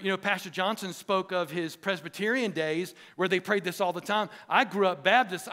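A man preaches to his church in an earnest, emphatic way, driving points home by repeating phrases. His voice sits high for a man. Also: fairly bright tone. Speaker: pastor. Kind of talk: sermon.

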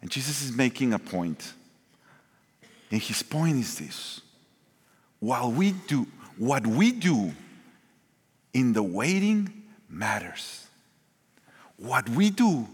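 A man preaching a sermon, shifting between loud emphasis and quiet asides. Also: mid-range voice, very animated, slow, long pauses, breathy edge. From Mexico. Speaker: pastor. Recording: long hall reverb.

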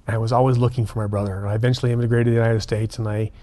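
A man, a prison minister and guest, telling a story in an earnest, animated way and acting out the dialogue. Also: lowish voice, very fast. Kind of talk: conversational storytelling.

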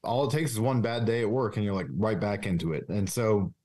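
Halting, low-voiced man opening up. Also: dark tone. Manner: halting, with many restarts and fillers; earnest, confessional. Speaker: police officer, podcast guest. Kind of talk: candid personal interview.

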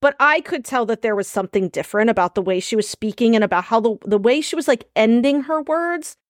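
Higher-pitched woman co-host, rambly casual chat, dry sound. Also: expressive, a little fast, dry recording. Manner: rambling, restarts, laughs easily. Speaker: podcast co-host.

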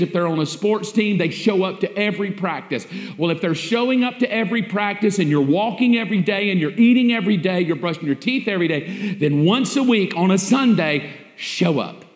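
A man's voice: high voice, expressive, brisk. A man preaching a sermon as pastor, emphatic and repetitive, with rhetorical questions to the congregation. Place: church sanctuary. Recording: echoey church hall.

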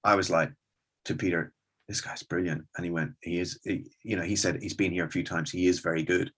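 A middle-aged man, a stand-up comedian and club owner, telling animated anecdotes in an interview and acting out the conversations he recalls. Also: sits low, brisk, slightly rough. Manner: animated storyteller, acts out quoted exchanges.

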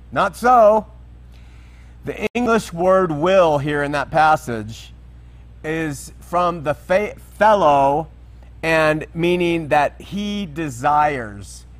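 A man preaching a sermon, teaching through Bible verses with emphatic, questioning delivery. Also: fairly high pitch.

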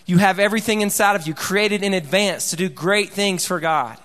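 A man in his thirties with an Alabama Southern accent gives a conference sermon to teenagers in a folksy, joking way and has the crowd repeat lines back. His voice sits a bit high for a man. The sound carries the long reverb of a large church hall. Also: moderate pace, fairly bright tone. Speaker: youth pastor.

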